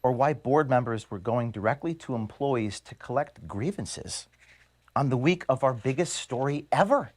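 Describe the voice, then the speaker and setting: A man, the founder of an organization, reading an earnest, measured video statement to his staff from his office. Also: medium pitch, expressive, darkish tone. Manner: earnest, measured, grievance-laden. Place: office at headquarters.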